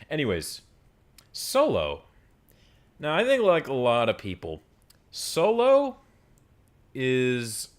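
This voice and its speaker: Man reviewer, lowish voice that swings wide, swears, talks off the cuff. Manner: animated, profane ranting with frequent fillers. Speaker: film reviewer. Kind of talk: casual film review monologue.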